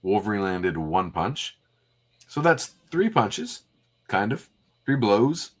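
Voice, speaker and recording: A man's voice: on the low side, sing-song, slow pace. A man co-hosting a casual comic read-through, narrating and joking in an easy, bantering way. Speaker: co-host.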